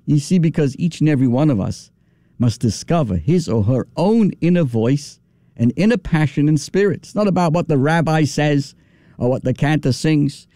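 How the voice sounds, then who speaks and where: A rabbi giving an animated, folksy sermon with restarts. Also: male voice, a little high, moderate pace, no room sound, clean studio sound. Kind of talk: sermon with storytelling.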